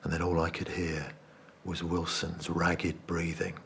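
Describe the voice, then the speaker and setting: A man performing a dramatic monologue as a remorseful man confessing a cowardly betrayal, speaking in a hushed, confessional way. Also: low-pitched, monotone, unhurried, gravelly, a little hiss or hum, exaggerated voice. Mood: haunted, confessional.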